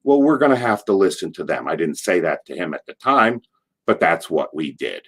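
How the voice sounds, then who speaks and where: A man's voice: sits low, very animated, moderate pace, slightly rough. A man from Allentown, Pennsylvania, a wrestler, telling rambling backstage stories in an interview, swearing casually and restarting his sentences. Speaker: retired pro wrestler, interview guest. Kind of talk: rambling anecdotal storytelling.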